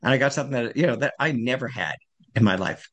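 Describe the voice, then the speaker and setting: A man's voice: mid-range voice, fast, a bit bright, highs cut off. A man in his sixties telling his recovery story at a support meeting, rambling and self-deprecating. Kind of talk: personal recovery share.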